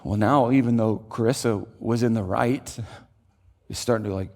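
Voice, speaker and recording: A male pastor giving a sermon in a church, telling a story in an animated way, moving from hushed to loud. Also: lowish voice, moderate pace, vocal fry. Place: church auditorium.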